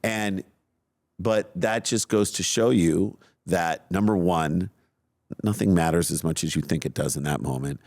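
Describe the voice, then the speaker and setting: A man co-hosting a podcast, telling a story in a casual, animated, self-mocking way. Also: sits low, measured pace, dry recording, studio quality. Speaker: podcast co-host.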